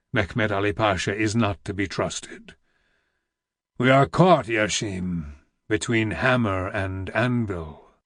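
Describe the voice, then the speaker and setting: A man reading an audiobook, voicing a weary, heavy old vizier who speaks slowly in a deep, rumbling, almost whispered growl. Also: no echo, studio quality. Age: older. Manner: slow, grave and weighty.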